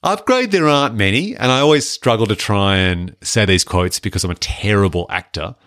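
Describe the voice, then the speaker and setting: A man's voice: lowish voice, brisk, dry recording, clean studio sound. A man co-hosting a podcast, chatting casually and jokily about films. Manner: chatty, animated, jokey. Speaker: podcast co-host. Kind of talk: casual film review chat.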